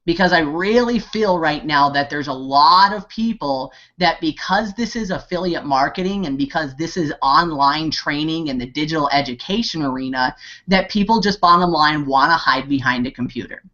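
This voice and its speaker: A man's voice: a little high, normal speed, sharp tone. A man delivering a motivational pep talk over a video call, his words tumbling out between constant "you know"s, false starts and bursts of passion. The call audio sounds dull and lo-fi. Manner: rambling, heavy on 'you know' and fillers, restarts; impassioned and pep-talking. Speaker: network marketing team leader. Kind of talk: motivational talk on an online hangout.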